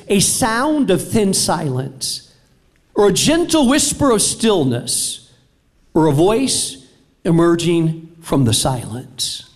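A middle-aged man preaching a sermon as pastor to a large auditorium, swinging from loud declarations to near-whispers. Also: sits high. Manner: preaching with dramatic swings between loud and soft.

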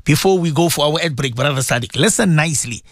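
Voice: mid-range voice, expressive, quick pace, no echo, studio quality. A radio host giving a preaching talk, emphatic and repetitive, asking rhetorical questions and dropping Arabic religious phrases into English.

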